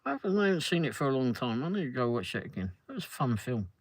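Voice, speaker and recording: A middle-aged man from London, England, with a London English accent hosts a casual livestream, chatting, rambling and joking while answering viewers' chat comments. His mid-range voice swings widely in pitch and comes rapid-fire, with no room sound in the recording.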